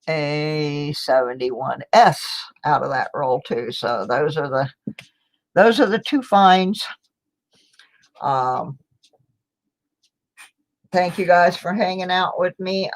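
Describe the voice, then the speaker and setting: A middle-aged woman chatting casually to viewers from home, rambling and laughing a little as she sorts coins. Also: sits low. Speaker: coin roll hunting vlogger. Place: home, indoors.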